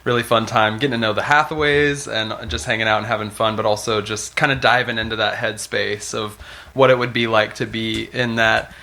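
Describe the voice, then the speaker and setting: A man chats as a voice actor guest, loose and easygoing. He is enthusiastic, with a bright, forward tone. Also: on the low side, level tone, fairly quick, gravelly. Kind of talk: casual interview chat.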